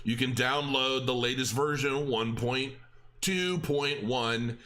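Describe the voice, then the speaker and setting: A man's voice: mid-range voice, takes it slowly, pushed and bright. A middle-aged man hosting a crypto channel, rambling in a casual chat with restarts and filler words.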